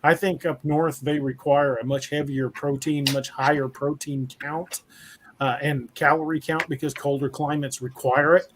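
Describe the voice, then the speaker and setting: A man hosting a podcast livestream, reading viewer comments and giving shout-outs in an upbeat way. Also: a little high, fairly even intonation, normal speed, background noise. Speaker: podcast host.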